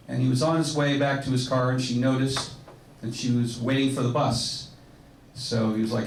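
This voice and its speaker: A man doing a stand-up comedy set on a comedy club stage, telling jokes in a laid-back, deadpan way. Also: medium pitch, moderate pace, a little hiss or hum. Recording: echoey club from far off with faint ambience.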